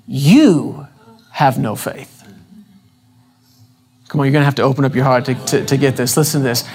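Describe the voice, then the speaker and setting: A man preaching a sermon with a lively, swooping voice that climbs and falls as he drives each point home. He talks emphatically, repeats his questions, and calls on the congregation to answer back. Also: a little high, moderate pace, long pauses.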